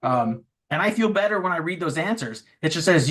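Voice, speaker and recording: A man's voice: fairly high pitch, expressive, a little fast, a bit bright. A middle-aged man giving a frank, casual conference talk who acts out the things he says to a chatbot. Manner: casual, frank, says "you know" and "just" a lot. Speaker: speaker at a tech event.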